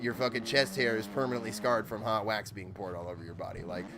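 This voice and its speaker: A man's voice: lowish voice, level tone, fast talker, over music. A man live-streaming a motocross game, chatting loosely and swearing, rambling with lots of "like" and "dude". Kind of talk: casual live-stream chat while gaming. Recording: motorbike game engine noise behind.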